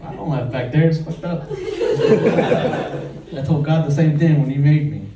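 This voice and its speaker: A man's voice: fairly high pitch, lively intonation, unhurried, recorded from a distance, noisy background. A young man from Los Angeles doing a stand-up comedy set, telling stories and acting out the people in them. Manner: storytelling, acts out characters with voice shifts. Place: comedy club stage. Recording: roomy club sound, crowd laughing. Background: crowd laughter.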